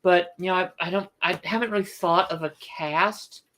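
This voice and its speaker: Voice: medium pitch, moderate pace, fairly bright tone. An author hosting a casual book livestream, thinking aloud with restarts and firm opinions.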